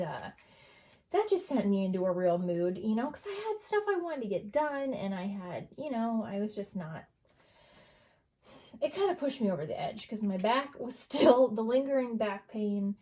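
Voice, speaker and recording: A woman's voice: medium pitch, lively intonation, moderate pace, dark tone. A woman, telling a story in a chatty voice-over full of fillers and laughter. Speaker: journaling vlogger.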